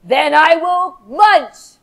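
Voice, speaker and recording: A woman voicing a big bad male shark in a slow, growled chant during a storytelling session. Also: sits high, lively intonation, fairly bright tone, full character voice. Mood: menacing.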